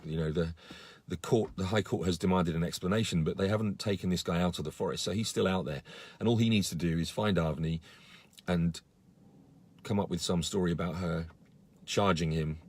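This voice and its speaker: A man with a low, husky voice speaks to his followers on a live stream. He sounds earnest and indignant, and he often stops to restart his sentences with ums and uhs. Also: a little fast, a little mellow, dry recording. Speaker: campaigner on a live video. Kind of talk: casual live-stream update.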